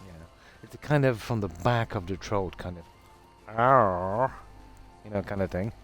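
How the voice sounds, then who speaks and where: A middle-aged Irish man with a Midlands accent chats with his stream viewers in a somewhat low voice. He rambles along in a relaxed, easygoing way and pokes fun at himself. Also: fairly quick, faint music behind. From Ireland. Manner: relaxed, rambling, self-deprecating. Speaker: game streamer. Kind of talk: casual chat with stream viewers.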